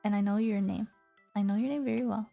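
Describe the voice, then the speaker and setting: A woman's voice: mid-range voice, fairly even intonation, fast, gravelly, highs cut off, soft background music. A woman streamer chatting casually with her viewers, playful and teasing, laughing often. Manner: giggly, playful and teasing, talks straight to viewers.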